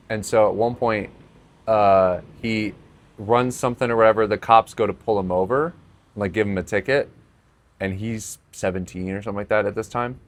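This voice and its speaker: Casting: young male podcast host, lowish voice, chatty storyteller, easy laughs. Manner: storytelling, laughs often, animated when acting out scenes. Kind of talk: casual chat.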